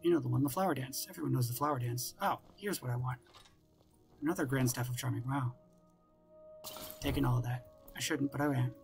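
Gravelly man muttering through a game. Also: mid-range voice, fairly quick, pauses often, soft background music. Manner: wry, mutters to himself and the game. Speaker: gameplay commentator. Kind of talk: casual let's-play commentary.

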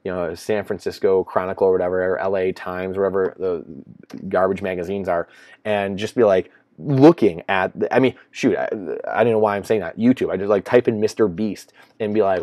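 A man's voice: sits low, fairly even intonation, fairly quick, darkish tone, no room sound. A man in casual solo commentary, rambling and repeating himself, sounding incredulous. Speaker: finance commentator.

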